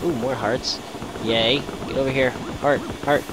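A man's voice: mid-range voice, steady tone, a little slow, heavy background noise. Rambling man commenting on a game. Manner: rambling, sarcastic asides. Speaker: let's play commentator. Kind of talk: casual gameplay commentary. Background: video game music.

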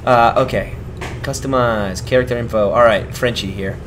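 A man co-hosting a video game playthrough in relaxed, chuckling casual chat. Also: mid-range voice, normal speed, noisy background. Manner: relaxed, chuckling, talks over gameplay. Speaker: let's play co-host.

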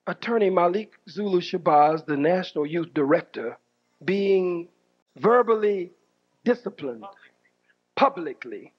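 High-voiced man preaching fiercely. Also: slightly rough. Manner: preaching with dramatic pauses and shouted outbursts. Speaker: minister. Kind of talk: fiery sermon-style speech. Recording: dull lo-fi archive recording.

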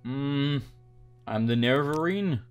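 Gamer, sarcastic and sweary, animated delivery over faint game music. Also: male voice, mid-range voice, slow, smooth. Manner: sarcastic, swears, mutters to himself. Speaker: let's play gamer. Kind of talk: casual gameplay commentary, reading game dialogue aloud.

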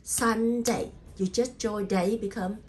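A woman's voice: mid-range voice, animated, slow pace, a little mellow, a little hiss or hum. A woman teaching English spelling in a patient way, sounding out letters and syllables one by one and repeating each word, with simple non-native grammar. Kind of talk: spelling lesson.

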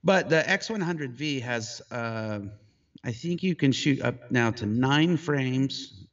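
A middle-aged man, a photographer, telling a story in casual conversation, animated and jumping high in pitch when he quotes himself, heard over a video call. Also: slow, far from the mic, highs cut off. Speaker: photographer guest.

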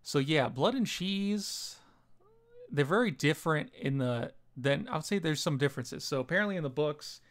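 A man's voice: on the high side, lively intonation, normal speed. A man giving a casual spoken review of a TV episode, rambling with lots of fillers. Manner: rambling, heavy with fillers like "you know" and "like".

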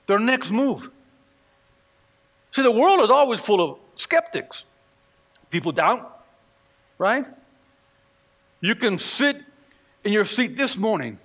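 This pastor's voice is high and fairly bright as he delivers a sermon in a church sanctuary. Storytelling is his method, and he performs the quoted voices of each character, all echoing with the long reverb of the church hall.

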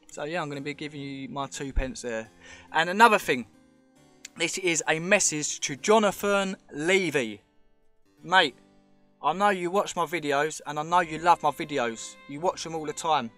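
High, bright-voiced English man vlogging. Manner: chatty, emphatic, keeps saying "mate", talks straight to viewers. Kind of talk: casual vlog commentary.

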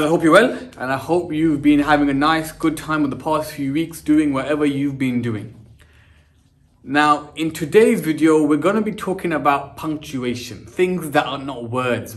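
A young man, a teacher, giving an energetic online lesson and saying "guys" in nearly every sentence. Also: fairly high pitch, moderate pace. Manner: energetic, says "guys" constantly. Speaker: English teacher.

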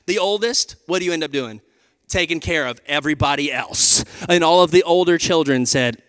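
Animated pastor in a reverberant hall. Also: male voice, high-pitched. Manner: animated and conversational, addressing the crowd as y'all. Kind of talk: sermon. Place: large church auditorium. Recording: live hall with long reverb.

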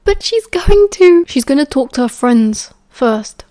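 A British woman reading the lines of a tired, calm teenage boy wizard in an audiobook, speaking softly and evenly. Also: on the high side, no room sound, lightly acted. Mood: firm. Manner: soft, tired and measured.

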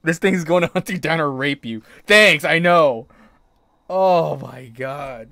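A man's voice: a little high, takes it slowly, gravelly, bright, forceful tone, dry recording. A young man streaming a horror game, yelping and laughing nervously as he plays. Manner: jumpy, yelps and nervous laughter. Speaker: gaming streamer. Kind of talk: horror let's play commentary.

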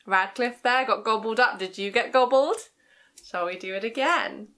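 A young woman hosting a rhyme-time session for small children in a library, speaking in a gentle sing-song way with gasps and hushed asides. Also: on the high side, normal speed. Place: library, indoors.

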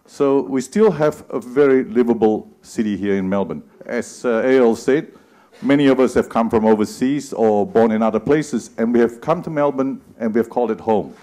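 A man's voice: medium pitch, normal speed. A man who is a city councillor, giving an earnest opening address to an audience with a touch of humor. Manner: earnest, speech-like with gentle humor.

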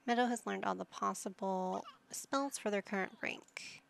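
A woman's voice: mid-range voice, moderate pace, creaky, slight background noise. A woman giving casual let's-play commentary, playful and motherly, with silly made-up words. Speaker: gaming video host.

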